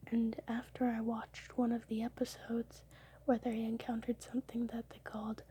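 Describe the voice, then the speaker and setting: A young woman whispering close to the mic at home late at night, telling her dreams in a soft ASMR style and now and then breaking into laughs. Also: on the high side, monotone, moderate pace, a little hiss or hum. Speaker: ASMR creator.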